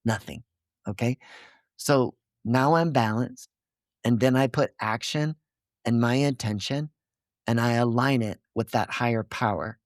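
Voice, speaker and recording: A man's voice: medium pitch, unhurried, dry recording. Earnest man explaining, dry close sound. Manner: didactic, checks in with "okay?" and "right?". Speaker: podcast guest.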